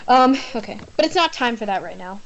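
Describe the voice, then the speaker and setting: Chatty young woman host, rather high voice. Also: expressive, fairly quick, lo-fi sound. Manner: chatty, rambling, giggly. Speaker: let's play host. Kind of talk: casual gameplay chat and reading aloud.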